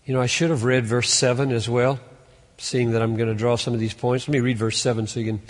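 A man preaching an expository sermon, earnest, building to emphatic peaks and then dropping low. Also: level tone, fast talker, big-room sound. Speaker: pastor.

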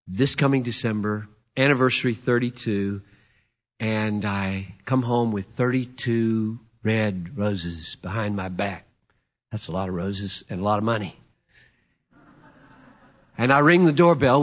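A man in his fifties preaching a sermon, emphatic and playful, swinging from loud to hushed. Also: medium pitch, dull audio. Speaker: pastor.

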